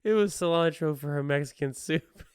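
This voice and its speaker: A man hosting his own podcast retells a news story in casual solo commentary, laughing often along the way. His somewhat high voice is smooth and moderately paced, recorded with studio quality and no echo.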